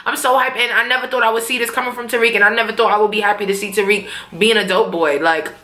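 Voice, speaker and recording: A woman's voice: medium pitch, fast. A young woman recapping a TV episode in a casual, slangy, profane way, acting out the characters' lines. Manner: animated, slangy and profane, acts out quotes. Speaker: TV recap vlogger. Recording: echoey room.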